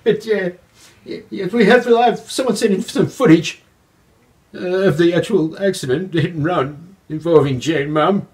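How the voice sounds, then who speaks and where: A man's voice: high voice, normal speed, a little mellow, natural voice. A young man playing a goofy male chicken news anchor in a homemade comedy skit, rambling and stumbling as he talks. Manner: rambling, stumbling, breaks into laughter. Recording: roomy echo.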